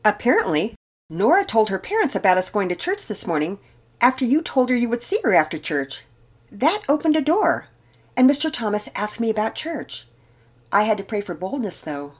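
A woman's voice: mid-range voice, very animated, moderate pace, husky, voice pushed up. An older woman voicing a kindly father who speaks reassuringly.

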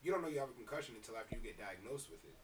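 A man's voice: medium pitch, expressive, racing, far from the mic, low-quality recording. A young man co-hosting a casual podcast, telling stories with emphatic, profane talk. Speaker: podcast co-host. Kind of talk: casual chat. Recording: set back from the mic, faint hiss.

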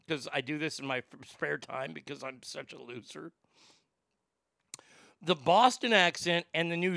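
A male talk show host rants sarcastically, swearing freely as he mocks the news. His voice is bright and gravelly yet smooth, recorded dry and close. He sits a little higher than most men. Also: no echo. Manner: profane, sarcastic ranting. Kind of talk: comedic talk show rant.

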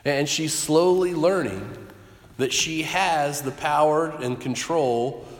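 A man preaching a sermon with a slightly raised pitch and an earnest, stop-and-start storytelling manner. His voice carries through a roomy church hall with a long, lingering reverb. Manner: earnest, halting storytelling with restarts. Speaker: pastor.

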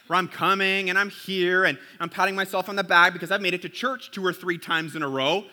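Casual and chatty, this pastor keeps asking "right?" as he delivers a sermon to his church. He speaks briskly in a high-sitting, steady voice that sounds pushed and bright.

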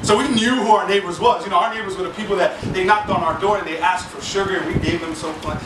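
A man's voice: high-pitched, quick pace, heavy background noise. A man preaching a sermon as pastor, telling stories in a conversational, humorous way and drawing responses from the congregation. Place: church sanctuary. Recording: echoey hall from far off, with music.

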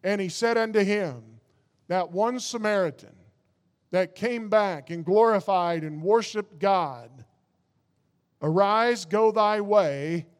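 Male preacher, high voice, unhurried emphatic sermon delivery, reverberant hall. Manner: slow and emphatic, reading scripture in drawn-out phrases; bursts into high animated asides.

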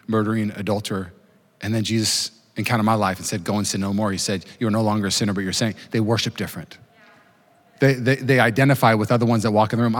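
A man in his thirties preaching a sermon to his church, talking fast with jokes and self-deprecating asides. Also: on the low side. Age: 30s. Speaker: pastor. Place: church auditorium with live congregation. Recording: long hall reverb.

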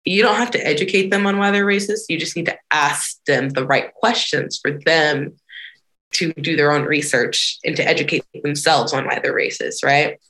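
Animated woman activist, lowish voice. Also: normal speed. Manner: animated, acts out quoted voices. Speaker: activist guest. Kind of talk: conversational interview answers.

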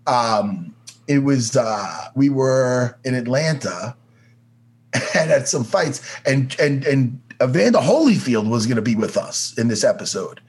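A man's voice: medium pitch, a little slow. A man telling stories as a guest in a casual interview, swearing freely and acting out other people's voices. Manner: animated, swears freely, acts out voices in anecdotes. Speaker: podcast guest. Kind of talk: casual storytelling.

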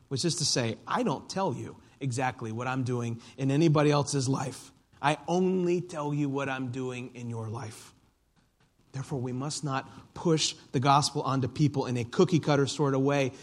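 A man preaching a conversational sermon as a church teacher, retelling stories in an animated way. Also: mid-range voice, moderate pace. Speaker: pastor.

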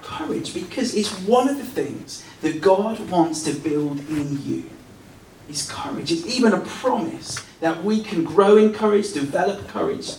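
Male preacher, high voice, chatty and self-mocking, roomy sound from afar. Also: expressive, a little slow, a little mellow, far from the mic, a little hiss or hum. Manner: conversational, self-deprecating. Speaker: pastor. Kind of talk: sermon with personal stories. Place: church hall.

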